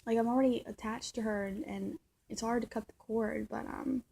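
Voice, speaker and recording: A woman's voice: a little high, steady tone, normal speed, vocal fry, warm tone, a little hiss or hum. A young woman vlogging about her relationship in a rambling, reflective way, often restarting her sentences. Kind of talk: personal confessional vlog.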